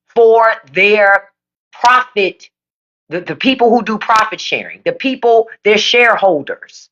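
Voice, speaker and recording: A woman's voice: mid-range voice, expressive, unhurried, fairly bright tone, muffled recording. Blunt, profane woman ranting on a live stream. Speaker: livestream podcast host. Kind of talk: unfiltered political rant on a live stream. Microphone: phone or desk mic for a live stream.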